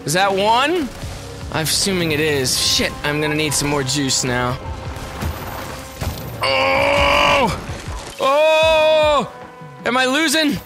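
Excitable young man shouting over gameplay. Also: very high-pitched, slow, vocal fry, pauses often. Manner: excitable, swearing, shouts at enemies. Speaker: gameplay commentator. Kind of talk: let's play commentary. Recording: game music behind.

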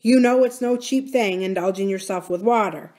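A woman reading the part of a thoughtful older farmer, in a musing, gently philosophical manner. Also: high-pitched, normal speed, close to an everyday voice.

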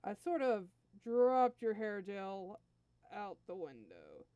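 A woman's voice: fairly high pitch, lively intonation, normal speed, a little mellow, dry recording, dull audio, natural voice. A woman voicing a bumbling, burly male alien minion who stammers and whines in fear, in a fan fiction story reading. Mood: nervous. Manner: stammering, fearful whining.

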